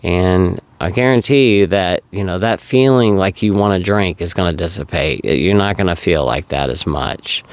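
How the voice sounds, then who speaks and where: Earnest rambling man, low clear voice. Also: moderate pace, few pauses, dry recording. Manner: rambling, filler-heavy, earnest. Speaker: vlogger sharing recovery advice. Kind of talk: casual advice talk.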